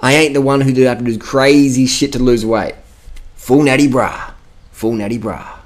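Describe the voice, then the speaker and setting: A man's voice: mid-range voice, moderate pace. Australian man, cycling vlogger, casual commentary, brash, profane, emphatic. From Adelaide, South Australia. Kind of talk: casual commentary over video.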